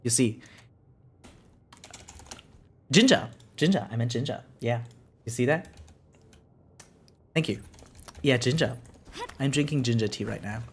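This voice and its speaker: German-accented guy, live-stream gamer, rambly chat, mid-pitched voice. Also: lively intonation, normal speed, vocal fry, long pauses, a little hiss or hum. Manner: rambling, chatty, frequent "right?" tags. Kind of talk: casual live-stream chat while gaming.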